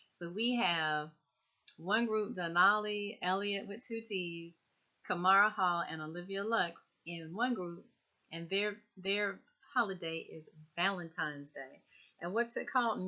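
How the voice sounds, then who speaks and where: Woman, casual recap vlogger, chatty and direct, lowish pitch, muffled lo-fi recording. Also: pushed and bright. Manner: chatty, repeats herself, addresses viewers directly.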